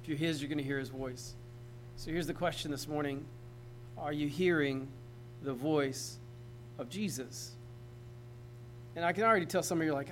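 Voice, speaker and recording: Conversational man preaching, slightly high voice. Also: moderate pace, pauses often, a little hiss or hum, poor audio. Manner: conversational, talks straight to the congregation. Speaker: pastor. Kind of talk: sermon.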